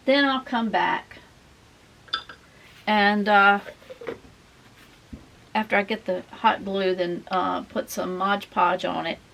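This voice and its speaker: Middle-aged woman, folksy craft vlogger, rambling chat, slight vocal fry. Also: mid-range voice, pushed and bright, a little hiss or hum. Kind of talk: casual chat while crafting.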